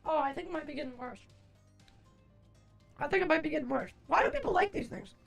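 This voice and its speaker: A woman's voice: high-pitched, animated, quick pace, vocal fry, soft background music. A young adult woman streamer chatting casually on a live stream, rambling, exasperated and profane as she answers her chat.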